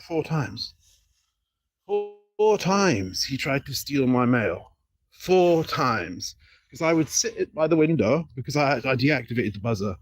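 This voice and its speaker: A man chatting casually on a livestream outdoors beside an apartment building, rambling and repeating himself insistently with halting restarts. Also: mid-range voice, husky.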